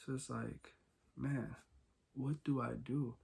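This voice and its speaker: A young man hosting a solo podcast, talking casually and candidly, rambling with many fillers and swinging between quiet and loud. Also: mid-range voice, fairly even intonation, slow pace, vocal fry, husky. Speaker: podcast host.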